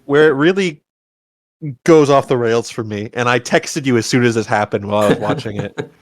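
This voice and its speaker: A man co-hosting a podcast, chatting casually about a film and acting out the characters' lines in an animated way. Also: medium pitch, moderate pace, no room sound, studio quality. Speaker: podcast co-host. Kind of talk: casual movie review chat.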